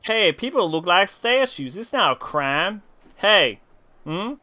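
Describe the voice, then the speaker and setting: Tipsy streamer in a put-on country drawl. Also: male voice, high voice, sing-song, slow, bright, forceful tone. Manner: puts on a southern country drawl, swears freely. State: tipsy from drinking. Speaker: game streamer. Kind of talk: casual live gameplay commentary, reading game dialogue aloud.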